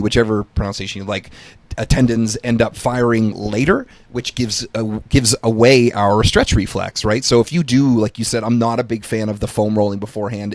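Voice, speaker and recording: A man's voice: lowish voice, a little mellow, no echo. Enthusiastic man hosting a podcast. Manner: enthusiastic, hesitant, restarts a lot. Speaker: podcast host. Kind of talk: casual podcast chat.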